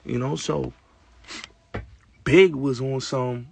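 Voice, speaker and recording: This host's raspy, gravelly voice sits at medium pitch with fairly even intonation, and he talks slowly with no room sound. His casual monologue is opinionated and streetwise, emphatic and repetitive, packed with fillers.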